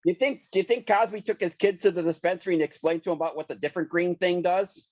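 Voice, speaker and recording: A man's voice: high voice, steady tone, quick pace, darkish tone, no echo. A man co-hosting a podcast, quizzing the others and telling stories in casual chat. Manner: quizzing others, storytelling with restarts. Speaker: podcast co-host. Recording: dull dry lo-fi recording.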